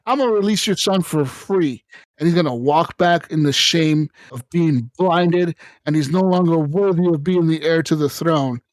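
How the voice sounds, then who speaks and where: Profane, animated man telling game stories. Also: moderate pace, no room sound. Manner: animated, profane storytelling with swings up in pitch. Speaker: podcast co-host. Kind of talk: casual gaming podcast chat.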